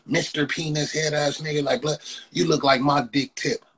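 A man hosting a phone livestream, loudly roasting and mocking his viewers with profane banter, tagging "blood" onto nearly every phrase. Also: fairly high pitch, level tone, normal speed, breathy edge, low-quality recording. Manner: loud, mocking, repeats "blood" constantly. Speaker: livestream host. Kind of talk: profane Instagram live roast.

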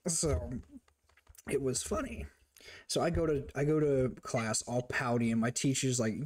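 Young male streamer, animated storyteller, swears freely, mid-pitched voice, casual chat. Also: moderate pace, breathy edge. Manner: animated, profane, laughs while telling stories.

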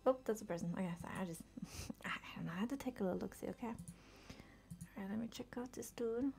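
A young woman streams herself playing a game, chatting casually, laughing often and muttering to herself. Her medium-pitched voice is warm with vocal fry and runs a little fast.

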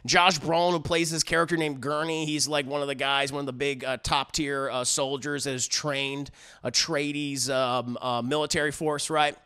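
A man's voice: fairly high pitch, little pitch movement, moderate pace, pushed and bright, clear, resonant tone. A man giving a casual, rambling film review full of fillers and crude asides. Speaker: movie reviewer.

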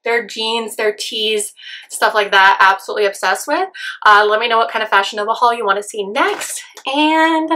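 Raspy, bright-voiced woman vlogger, gushing. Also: fairly high pitch, moderate pace. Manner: gushing, effusive. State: hoarse from a cold. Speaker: fashion vlogger. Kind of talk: casual try-on haul vlog.

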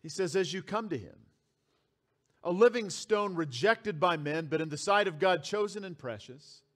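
A man's voice: high-pitched, animated, normal speed, fairly bright tone. A man preaching a sermon as pastor, reading scripture aloud and repeating key phrases for emphasis. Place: church sanctuary.

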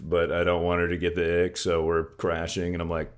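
Very deep-voiced young man streaming. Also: monotone, fairly quick, hardly any pauses, clear, resonant tone. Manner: laid-back, joking, swears often, calls chat "dude" and "brother". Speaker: livestreamer. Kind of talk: casual livestream chat.

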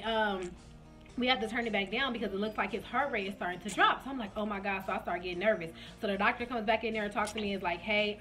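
A young woman casually telling viewers her labor story, acting out her own reactions in sudden high bursts and calling them "y'all". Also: sharp tone. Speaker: vlogger.

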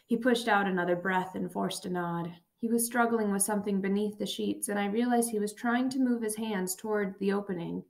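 A woman's voice: medium pitch, steady tone, a little fast, vocal fry, few pauses. Woman reading a somber memoir aloud. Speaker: audiobook narrator. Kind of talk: first-person memoir narration.

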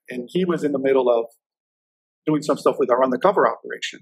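A man's voice: fairly high pitch, expressive, fast talker, husky, no echo, rough recording. A man in his fifties, a federal agent guest telling stories casually in an interview, with a loose, filler-heavy way of talking.

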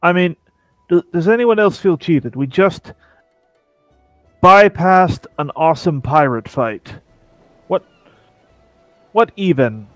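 A man jokes his way through gameplay commentary with a sarcastic edge. His voice sits slightly high, recorded dry and close, with faint game music behind him. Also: lively intonation, slow pace, long pauses, no echo. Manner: sarcastic, joking asides. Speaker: Let's Play commentator. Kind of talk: casual comedic game commentary.

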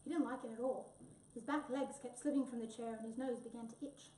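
A woman reading a children's storybook aloud in an expressive, lively way. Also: fairly high pitch, a little fast, a little hiss or hum. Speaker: reader. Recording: echoey room, voice from far off.

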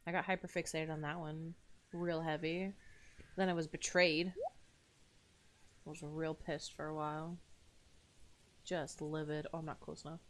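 A woman with a lowish voice gives loose, chatty commentary while she plays a farming game. She is expressive and quick to swear, with faint noise behind her. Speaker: streamer. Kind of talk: casual gameplay commentary.

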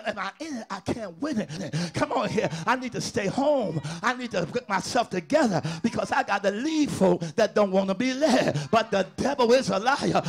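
A male pastor preaching a sermon, swinging between shouted, chanted lines and hushed, tearful speech. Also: sits high, vocal fry, husky.

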